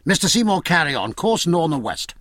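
A man voicing a hearty, commanding naval captain who barks orders loudly and briskly. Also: fairly high pitch, big pitch swings, dry recording, studio quality, voice pushed up.

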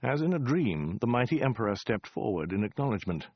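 A man's voice: mid-range voice, sing-song, a little fast, slightly rough, dry recording, muffled recording. A man narrating a comic science fiction story in a dry, wry storytelling manner. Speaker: audiobook narrator.

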